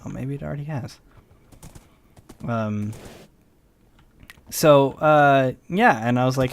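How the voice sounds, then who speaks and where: A man's voice: medium pitch, measured pace, pauses often, dry recording. A tired young man telling a rambling story in a casual way while he plays a game, acting out both sides of the conversation. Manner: rambling, animated, mimics the other side of the conversation. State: tired, yawning. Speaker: gaming video host.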